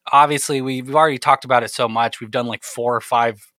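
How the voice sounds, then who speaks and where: A man's voice: medium pitch, steady tone, brisk, pushed and bright, dry recording. A man co-hosting a casual podcast, rambling through stories with frequent laughs and self-deprecating asides. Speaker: podcast co-host.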